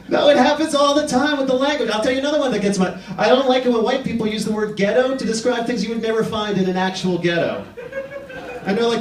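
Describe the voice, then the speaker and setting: Male stand-up comic, lively delivery, slips into voices for his characters; roomy live recording from a distance, with audience noise. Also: high-pitched, quick pace. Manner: animated, acts out quoted people in put-on voices. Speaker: stand-up comedian. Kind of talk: stand-up comedy set. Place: live comedy theater with audience laughter.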